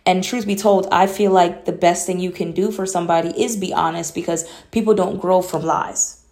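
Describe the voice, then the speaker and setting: A young woman from Atlanta hosts a relaxed solo podcast episode. Her voice sits a little low for a woman. She speaks bluntly and candidly, in a straight-to-the-point, matter-of-fact way. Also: normal speed. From Atlanta, USA. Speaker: podcast host. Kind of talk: casual solo talk.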